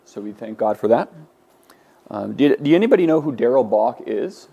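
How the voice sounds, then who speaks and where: A man's voice: mid-range voice, expressive, moderate pace, vocal fry, warm tone, slightly rough, muffled recording. A man teaching a Greek class, lecturing in a conversational way with many fillers and restarts. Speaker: Greek instructor.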